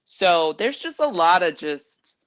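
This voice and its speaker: A woman co-hosting a casual sports chat, relaxed and joking as she thinks aloud. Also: lowish voice, slow. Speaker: co-host. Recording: dull lo-fi sound.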